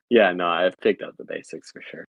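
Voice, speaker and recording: A man's voice: low voice, sing-song, normal speed, a little hiss or hum, rough recording. A young adult American man chatting casually with viewers, rambling and repeating filler phrases. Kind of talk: casual chat.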